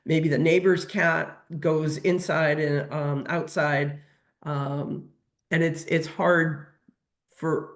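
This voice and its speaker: A woman's voice: sits low, flat delivery, slow pace. A woman who works as a veterinary nutrition technician, answering audience questions in a webinar, hesitant with many fillers and restarts.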